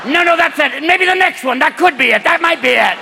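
A man voicing a flustered, rambling old male car navigation voice that shouts directions. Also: very high-pitched, expressive, a little fast, vocal fry, slight background noise, pitched above the performer's own voice, full character voice.

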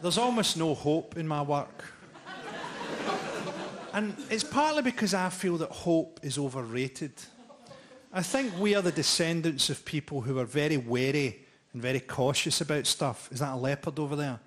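A man in his forties performing a stand-up routine on a live stage, telling dark, profane jokes in a deadpan way. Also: on the high side, normal speed. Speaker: stand-up comedian. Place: live comedy venue with audience laughter.

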